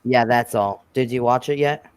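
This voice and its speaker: A young man hosting a reaction video, excitable and quick to laugh. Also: mid-range voice, clear, resonant tone, no room sound. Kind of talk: casual reaction chat.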